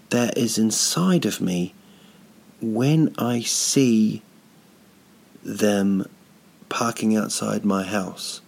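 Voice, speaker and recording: Gravelly, low man rambling. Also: drawn-out words, long pauses, darkish tone. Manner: hesitant, many ums, dry self-mocking humour. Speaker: touring comedian. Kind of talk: casual rambling monologue. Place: at home, sitting indoors.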